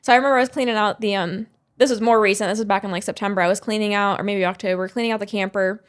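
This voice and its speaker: A woman's voice: mid-range voice, fairly even intonation, racing. A young woman as a podcast guest, chatting candidly and rambling through personal stories with many fillers. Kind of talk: casual chat.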